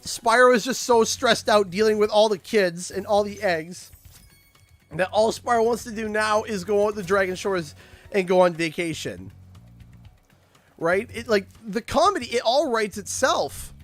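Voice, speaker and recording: A Canadian man casually chatting on a game livestream, rambling through an animated story with lots of restarts. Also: high voice, unhurried, faint music behind. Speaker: streamer.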